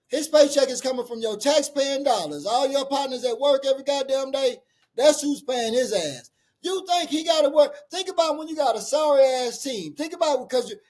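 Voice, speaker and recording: A man's voice: extremely high pitch, a little mellow. A man co-hosting a podcast, arguing his point in casual, profane, insistent chat and talking over his partner. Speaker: podcast co-host.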